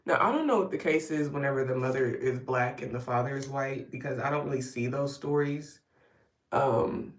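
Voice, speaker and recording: A woman vlogger chatting casually while doing her makeup, rambling with wry asides. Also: sits low. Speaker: vlogger doing a live get-ready stream. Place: at home getting ready. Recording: roomy sound from a distance.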